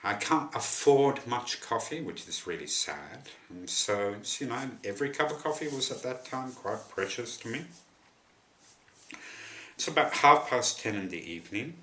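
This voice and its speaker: A man's voice: medium pitch, very animated, moderate pace, pushed and bright. A man telling a personal story to camera, rambling with wry asides, in an echoey room.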